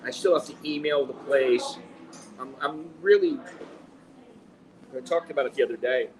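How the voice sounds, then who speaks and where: American guy ranting at a cafe, swears a lot, keeps restarting, mid pitch, bit of cafe noise behind. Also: normal speed, a little mellow, far from the mic, poor audio. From United States. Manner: rambling, profane, restarts often. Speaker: vlogger. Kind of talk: casual chat.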